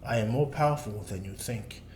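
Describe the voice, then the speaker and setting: A man voicing a cold, boastful male bio-android villain in a slow, low taunting delivery. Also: a little mellow, a little hiss or hum, lightly acted. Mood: gloating. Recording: echoey room, faint music.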